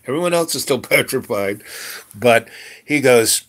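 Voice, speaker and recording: A man's voice: mid-range voice, animated, normal speed, a bit bright. A man casually retelling a dream, rambling with lots of fillers and chuckling asides. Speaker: storyteller.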